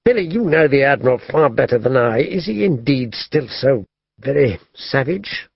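A man voicing a brisk, kindly middle-aged naval captain who speaks in hearty, clipped commands. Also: mid-range voice, sing-song, vocal fry, breathy edge, dry recording, lo-fi sound, full character voice.

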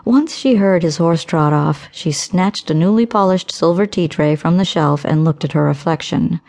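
A woman narrating an audiobook in a measured, steady way. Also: low voice, creaky.

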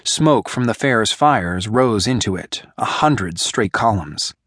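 A man narrating a young-adult fantasy audiobook in a measured, deliberate way. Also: lowish voice, lively intonation, a bit bright, dry recording, clean studio sound. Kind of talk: scripted narration.

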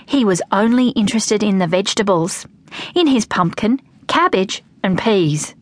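A woman narrating a children's audiobook with lively, expressive storytelling. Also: mid-range voice, moderate pace, dry recording.

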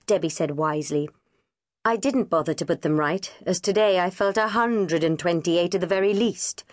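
A woman narrating a children's audiobook in the first person, with lively, expressive storytelling. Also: lowish voice, moderate pace, no room sound, studio quality.

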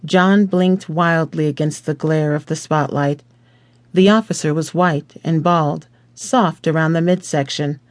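Slow, measured male audiobook narrator. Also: fairly high pitch, fairly even intonation, dry recording. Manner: slow, measured, deliberate reading.

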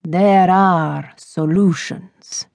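A commanding, calm man with a deep, husky voice, as a woman narrator puts him on, speaking slowly and softly with controlled menace. The sound is dry and close, an audiobook romance villain. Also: no echo, heavily acted. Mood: menacing.

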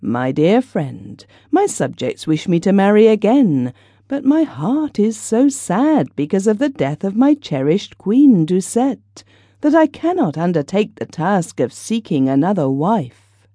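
A woman voicing a gentle, grieving widowed king in a storybook reading, speaking slowly and tenderly. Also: mid-range voice, big pitch swings, breathy edge, no echo, clean studio sound.

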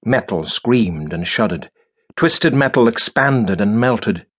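A man narrates a science fiction audiobook, reading the script in a measured, steady storytelling manner. His voice is on the low side with a breathy edge.

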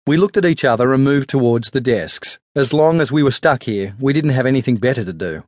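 A man narrating an audiobook in a steady, even storytelling manner on a close studio mic. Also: mid-range voice, brisk, hardly any pauses, no echo. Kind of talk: scripted narration.

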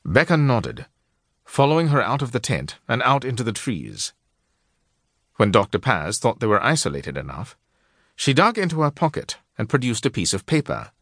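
A man narrating an audiobook in a measured storytelling manner. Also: mid-range voice, big pitch swings, fairly bright tone, no room sound, studio quality. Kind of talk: scripted narration.

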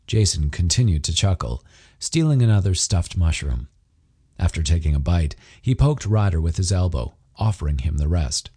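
A man narrating a romance audiobook in an expressive, storytelling manner. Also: low voice, moderate pace, husky. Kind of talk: scripted narration.

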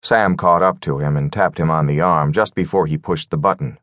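A man narrating a mystery thriller audiobook in a calm, storytelling manner. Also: a bass voice, brisk, dry recording. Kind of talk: scripted narration.

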